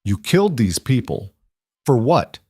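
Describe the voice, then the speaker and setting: A man's voice: mid-range voice, sing-song, unhurried, warm tone, husky, no echo, studio quality. A man voicing a defiant young heroine. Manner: defiant, cutting. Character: defiant fierce young woman fighter. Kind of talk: scripted storybook voice.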